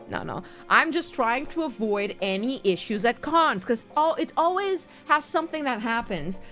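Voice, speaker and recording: Woman streamer, high and lively, chatty and giggly, soft music underneath. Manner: rambling, chatty, laughs often. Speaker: virtual streamer. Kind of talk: casual chat stream.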